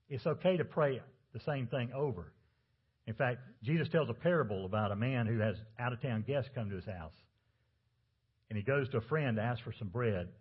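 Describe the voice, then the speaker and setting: A man's voice: medium pitch, slightly rough, dull audio. A man preaching a sermon as pastor, talking conversationally and asking the congregation rhetorical questions.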